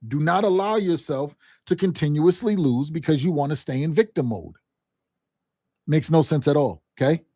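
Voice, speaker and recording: A man's voice: on the high side, a little mellow, dry recording, studio quality. A man coaching a sales lesson, talking emphatically in casual vernacular and repeating "right?" and "okay?" to his listeners. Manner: emphatic, repetitive, direct address with frequent "right?" and "okay?"; acts out quoted phone calls and family scenes in livelier voices.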